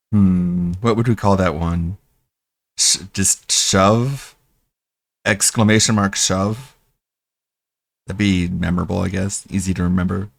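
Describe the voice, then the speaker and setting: A man's voice: low voice, gravelly, dry recording. A man on a stream chatting casually about the video he is editing. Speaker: stream co-host and video editor. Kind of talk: casual chat.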